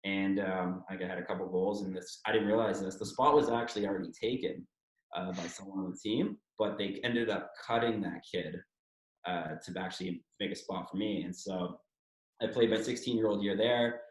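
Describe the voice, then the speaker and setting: A man's voice: low-pitched, fairly even intonation, moderate pace. A man from Toronto in his thirties, telling his story candidly as an interview guest, swearing freely and acting out what others said. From Toronto, Canada. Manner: candid, swears freely, acts out quoted speech. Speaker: guest, former hockey player. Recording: echoey room.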